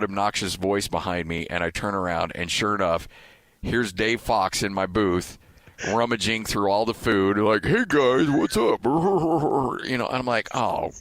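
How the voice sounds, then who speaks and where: A man hosting a sports podcast who tells stories animatedly in casual chat and jumps up loud when he acts out quotes. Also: low-pitched, no echo. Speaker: sports radio broadcaster and podcast host.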